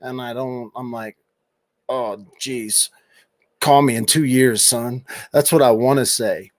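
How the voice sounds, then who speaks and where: A man's voice: medium pitch, fairly even intonation, slow pace, no room sound. Brief: middle-aged man, casual livestream host, teasing chat banter, dry close-mic sound. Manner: teasing, reads out and answers chat comments. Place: home room at a computer.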